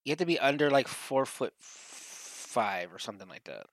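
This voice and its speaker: Lively, teasing man in crude banter. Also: medium pitch, normal speed, no echo. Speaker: podcast co-host. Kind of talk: casual chat.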